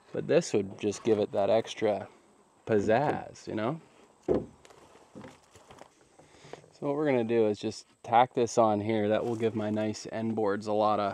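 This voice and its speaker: A man's voice: on the low side, darkish tone, a little hiss or hum. A man chatting casually while building a deck outdoors, joking and rambling to his viewers. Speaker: DIY cabin builder.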